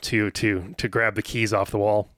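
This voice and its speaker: Brief: male podcast host, bright and forward voice, dry close recording, easygoing film chat. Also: lowish voice, level tone, moderate pace, no room sound. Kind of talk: casual film discussion.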